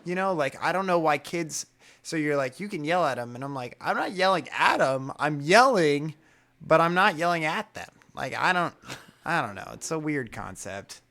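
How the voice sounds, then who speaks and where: A man co-hosting a podcast in casual chat, loud and passionate, rambling with many restarts. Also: on the high side, lively intonation, moderate pace. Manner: loud, self-described passionate talker. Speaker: podcast co-host and coach.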